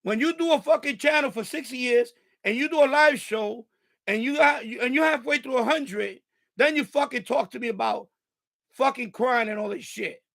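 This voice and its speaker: A man's voice: extremely high pitch, moderate pace, vocal fry, fairly bright tone. A man hosting a live stream, ranting angrily and profanely at a viewer in the chat. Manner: angry, profane, repetitive rant.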